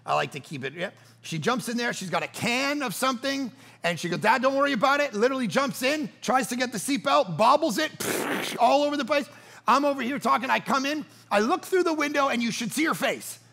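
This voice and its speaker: A middle-aged man preaching a sermon as pastor, telling stories with animated swings between loud bursts and hushed, quiet passages. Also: very high voice, brisk, gravelly.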